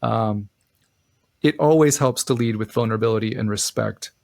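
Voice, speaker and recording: A man's voice: fairly low pitch, normal speed, vocal fry, a little mellow, no room sound. Earnest man, dry podcast mic. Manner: earnest, thoughtful, frequent restarts and acted quotes. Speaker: relationship podcast co-host. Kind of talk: casual advice chat.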